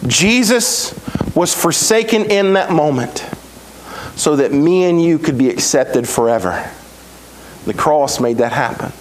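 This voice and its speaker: A man preaching a sermon as pastor, with emphatic repetition and dramatic pauses. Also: high voice, slight background noise, low-quality recording.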